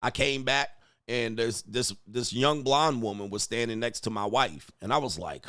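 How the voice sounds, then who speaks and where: A man's voice: mid-range voice, moderate pace, sharp tone, no echo. A man riffs on video clips in crude, joking, rambling commentary. His voice sits mid-range, recorded dry and close with no room sound. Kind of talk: reaction commentary.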